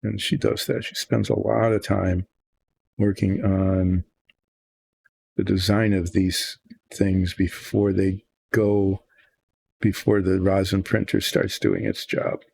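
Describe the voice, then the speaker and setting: A man's voice: low voice, level tone, slow, creaky, darkish tone, slight background noise. An older man hosting a miniature painting video, chatting casually and thinking aloud in a meandering, self-deprecating way. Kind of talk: casual rambling chat while painting.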